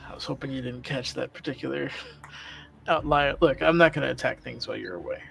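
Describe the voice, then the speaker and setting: A man's voice: medium pitch, a little fast, gravelly, fairly bright tone. A man playing in a tabletop game, joking and rambling with hesitant fillers. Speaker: player. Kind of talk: casual tabletop play.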